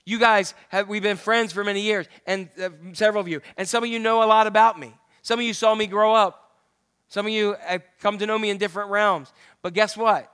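A man preaching a sermon in a loose, conversational way, reading scripture and turning questions back to his listeners. His voice is high and bright. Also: steady tone, brisk, smooth. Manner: conversational, asks the audience questions.

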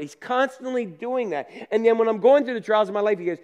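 A man preaching with a high-pitched voice, who turns his sermon into lively family stories and acts out every scene. He keeps checking in with the congregation through casual asides and laughs at his own jokes. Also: quick pace, few pauses. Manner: animated storyteller, acts out scenes and laughs at himself. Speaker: pastor.

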